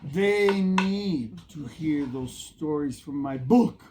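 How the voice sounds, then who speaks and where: A woman's voice: deep voice, animated, slow pace, background noise. A woman playing an older storyteller in a live stage play, drawling and mixing Spanish words into her English. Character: older Spanish-speaking storyteller, stubborn, spins spooky tales.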